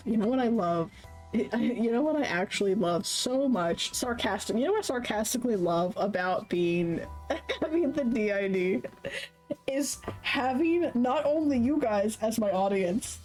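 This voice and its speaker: A woman's voice: medium pitch, darkish tone, low-quality recording. Woman streamer reading a game aloud, swearing casually. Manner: casual, swears freely, laughs often, corrects herself mid-sentence. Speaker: Twitch streamer. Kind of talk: reading a visual novel aloud with live commentary.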